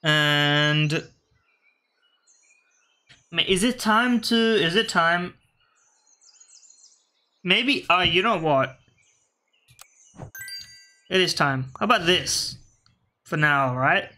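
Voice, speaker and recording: A man's voice: a little high, lively intonation, drawn-out words, long pauses, pushed and bright. A man giving casual, rambling commentary over a video game, often correcting himself mid-sentence and talking to his game pieces. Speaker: gaming video host.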